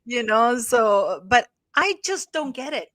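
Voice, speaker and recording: A woman's voice: on the high side, sing-song, slow, fairly bright tone, no echo. A woman co-hosting a live stream in casual chat. She thanks viewers often and laughs easily.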